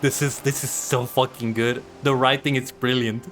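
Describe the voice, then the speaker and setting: A man streaming a video game live, reacting with frequent laughter and excited swearing. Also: medium pitch, moderate pace, faint music behind.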